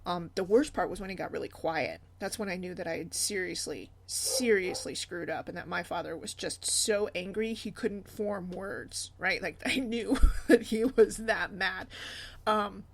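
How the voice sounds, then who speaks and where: A woman's voice: lowish voice, moderate pace, vocal fry, a little hiss or hum. A woman hosting a personal storytelling podcast, speaking candidly and laughing often as she tells stories about her family. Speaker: podcast host.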